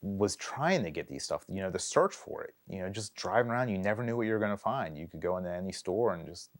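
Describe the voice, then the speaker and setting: A man slowly reminiscing in an interview. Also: deep voice, lively intonation, dry recording. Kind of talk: reflective interview chat.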